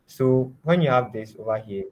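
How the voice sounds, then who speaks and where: A man teaching a design lab, giving step-by-step software instructions and often trailing off quietly. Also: medium pitch, moderate pace, poor audio. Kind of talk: screen-share software tutorial.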